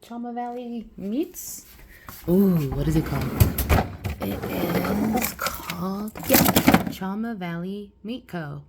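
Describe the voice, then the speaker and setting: A woman's voice: mid-range voice, slow pace, heavy background noise. A woman chatting casually in a rambling, chatty way while cooking in her home kitchen for her vlog. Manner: rambling, chatty, fond of swearing. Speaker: vlogger host.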